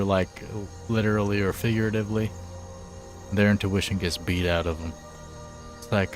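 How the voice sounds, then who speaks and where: A tipsy man streaming a game live, chatting in a rambling, profane, loose way. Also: fairly low pitch. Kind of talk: casual live-stream chat.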